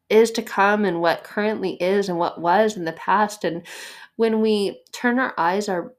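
A woman hosting a faith podcast, giving an earnest, conversational devotional talk with light laughs and repeated phrases for emphasis. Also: medium pitch.

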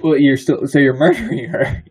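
A young man co-hosts a casual chat, needling his partner with dry, snarky jabs. His voice is husky, with a pitch that swings widely as he talks. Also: moderate pace. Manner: deadpan, teasing, snarky. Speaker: podcast co-host.

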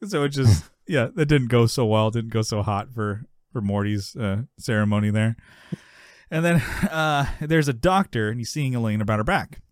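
A man's voice: mid-range voice, moderate pace, dry recording, studio quality. Laughing man recapping a sitcom. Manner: laughs often, acts out lines in a raised voice. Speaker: podcast co-host. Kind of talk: casual chat recapping a sitcom episode.

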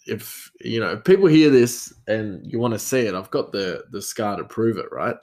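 Rambling man, lowish voice. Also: animated, moderate pace, a little mellow. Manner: rambling, full of fillers and restarts. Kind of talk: casual storytelling.

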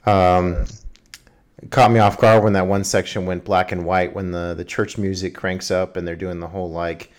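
A man co-hosting a casual film podcast, chiming in with relaxed comments. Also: sits low, normal speed. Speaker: podcast co-host.

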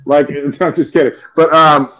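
A man's voice: fairly high pitch, fairly even intonation, normal speed, bright, forceful tone. A man hosting a casual comedic chat, rambling and swearing freely with lots of filler words. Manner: rambling and profane, full of "like" fillers. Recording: dull lo-fi recording.

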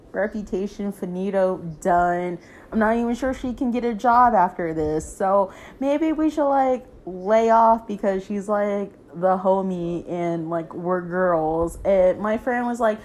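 A woman's voice: medium pitch, measured pace, a little mellow, a little hiss or hum. A young woman telling a story in a casual, slangy way, full of fillers, acting out her friends' lines.

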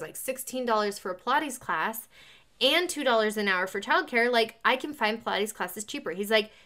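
A woman in casual chat, telling a personal story in an animated way and acting out both sides of a conversation. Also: fairly high pitch.

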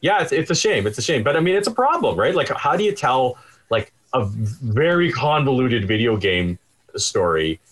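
A man's voice: medium pitch, big pitch swings, normal speed, a bit bright. A man talking casually as a podcast co-host, thoughtful and hesitant, often restarting his sentences. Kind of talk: casual chat.

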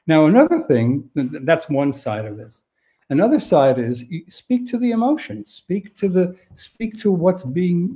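An older man sharing caregiving advice on dementia in a thoughtful, halting way with frequent restarts. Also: high voice, big pitch swings, darkish tone. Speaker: dementia care expert guest. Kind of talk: conversational advice on a live stream.

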